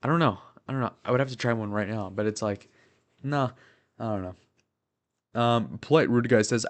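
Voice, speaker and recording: A man's voice: lowish voice, a little fast. A young man in his twenties chatting casually on a livestream, rambling with lots of fillers and swearing. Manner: rambling, filler-heavy, profane.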